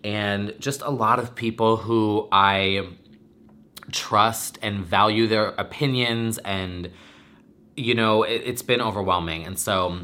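A man's voice: lowish voice, fairly even intonation, slow pace, pushed and bright. A young man vlogging to camera, rambling and teary, swearing, with many restarts. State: teary, emotional. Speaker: podcaster and vlogger. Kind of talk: emotional casual talk to camera.

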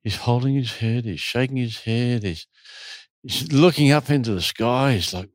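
A man running a retreat, telling stories casually in an interview with a lively, animated delivery. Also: mid-range voice, normal speed, no echo, studio quality.

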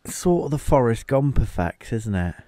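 A man's voice: mid-range voice, sing-song, normal speed, mellow, no echo, clean studio sound. A man co-hosting a film podcast, chatting casually with wry asides and thinking-aloud fillers. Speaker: podcast co-host.

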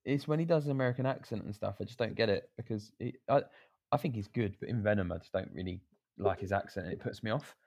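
A man's voice: lowish voice, fast talker, darkish tone. Laid-back rambling man. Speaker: podcast co-host. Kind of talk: casual chat.

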